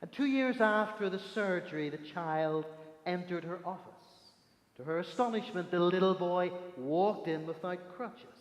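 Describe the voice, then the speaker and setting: A man preaching a sermon, telling stories with emphatic pauses, from Northern Ireland. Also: high-pitched. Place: church sanctuary. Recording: echoey church hall reverb.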